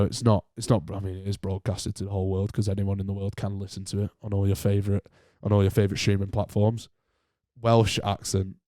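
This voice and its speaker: A man's voice: mid-range voice, a little mellow, dry recording, studio quality. A young man hosting a solo podcast, rambling and joking at his own expense. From north of England. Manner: rambling, self-mocking, often laughing. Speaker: podcast host.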